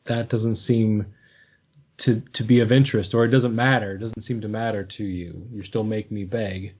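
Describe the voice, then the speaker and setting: A man's voice: fairly low pitch, steady tone, normal speed, darkish tone, slightly rough, dull audio. A man hosting a casual podcast discussion, talking thoughtfully and hesitantly with many restarts. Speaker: podcast host.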